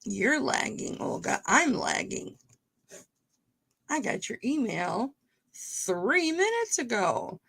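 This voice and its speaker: A woman's voice: fairly high pitch, big pitch swings, takes it slowly, creaky, a bit bright, breathy edge. A woman hosting a live-streamed jewelry auction, chatting casually with viewers by name as she shows and sells pieces.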